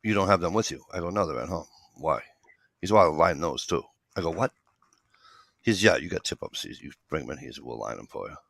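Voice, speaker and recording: A man with a low voice and a gravelly fry chats casually on a podcast. He rambles, retells both sides of a conversation and swears casually. The sound is dry and close. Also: animated, a little fast, fairly bright tone, no echo. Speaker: podcast co-host. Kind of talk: casual chat, storytelling.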